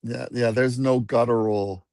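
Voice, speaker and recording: A man on a video call, relaxed, patiently explaining pronunciation. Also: mid-range voice, measured pace, dry recording. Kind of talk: casual video-call chat.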